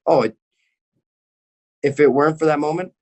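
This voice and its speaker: A man's voice: fairly high pitch, fairly even intonation, moderate pace, a little mellow. A young man, an MMA fighter, telling a story in casual chat, cursing constantly and acting out the people he quotes.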